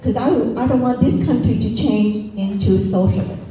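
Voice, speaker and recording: A woman's voice: on the high side, moderate pace, dark tone, faint music behind. A woman from Vietnam, a political candidate, telling a story in broken English as part of a campaign speech. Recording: echoey room from far off, faint noise.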